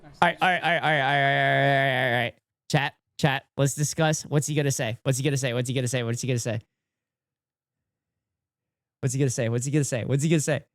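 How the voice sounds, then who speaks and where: A man streaming live, giving casual reaction commentary to his chat in an excitable way, repeating phrases and laughing often. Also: mid-range voice, quick pace, no room sound, studio quality.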